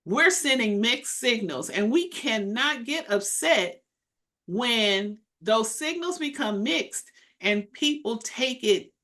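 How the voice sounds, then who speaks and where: A woman co-hosting a casual faith podcast, talking loudly and emphatically with animated delivery. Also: fairly high pitch, takes it slowly. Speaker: co-host, minister.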